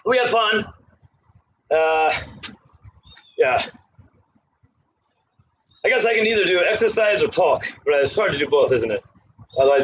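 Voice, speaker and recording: A man's voice: high-pitched, a bit bright, slight background noise, rough recording. A man in his thirties, a karate instructor, talking casually and counting out of breath while doing push-ups, rambling between stories. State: out of breath from exercise.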